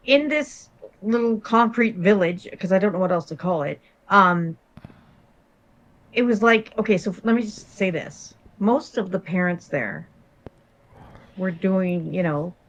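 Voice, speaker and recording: A woman's voice: on the low side, unhurried, pauses often, lo-fi sound. A woman from Toronto chatting as co-host in a live stream, talking bluntly and emphatically and swearing freely. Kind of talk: casual chat.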